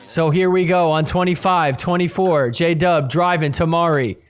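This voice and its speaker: A man hosting a podcast, recapping a match in play-by-play commentary and getting loud and excited at the big points. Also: fairly high pitch, measured pace, clean tone. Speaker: podcast host.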